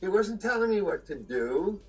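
An older man, an actor being interviewed, telling stories in a halting way with restarts and chuckles. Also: sits high, big pitch swings, husky, soft background music, low-quality recording. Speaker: actor guest. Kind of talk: anecdotal storytelling.

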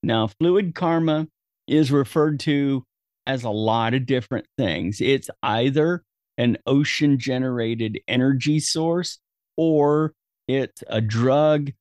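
A man's voice: mid-range voice, slow, darkish tone, no room sound, clean studio sound. A man hosting a casual film review chat, summarizing the plot with wry jokes. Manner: summarizing, wry, laughs easily. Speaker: podcast host.

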